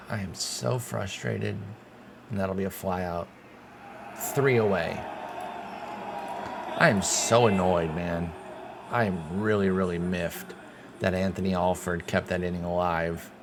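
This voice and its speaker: A man giving casual play-by-play commentary while playing a baseball game, excitable and swearing when things go wrong. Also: low-pitched, measured pace, long pauses, noisy background. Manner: excitable, swears when frustrated, talks to himself. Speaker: gaming channel host.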